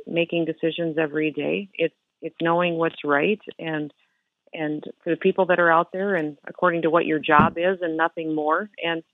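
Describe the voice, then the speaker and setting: A woman's voice: deep voice, no room sound. A woman governor telling a story with earnest energy as a radio interview guest, heard over the phone. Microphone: phone line. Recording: tinny phone line.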